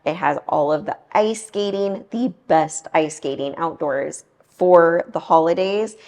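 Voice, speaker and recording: A woman real estate agent chatting enthusiastically to camera in a home's kitchen, talking straight to her viewers. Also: fairly low pitch. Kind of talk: casual home-tour chat to camera. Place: kitchen of a house.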